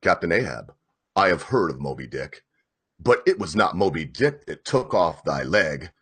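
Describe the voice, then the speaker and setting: A man doing a low, sober first mate. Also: very animated, a bit bright, husky, exaggerated voice. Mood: reproachful. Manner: measured, reproachful.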